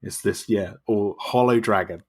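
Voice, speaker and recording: Husky man rambling on film theories. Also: lowish voice, normal speed. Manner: enthusiastic, rambling film analysis. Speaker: podcast guest. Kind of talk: casual chat.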